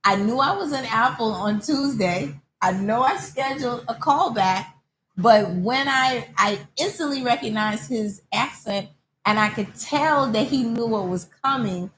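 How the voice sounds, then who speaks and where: Animated woman telling stories in a salon. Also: a little high, unhurried, slight background noise, rough recording. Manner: animated storyteller, acts out quoted callers. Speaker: host. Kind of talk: casual chat. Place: hair salon.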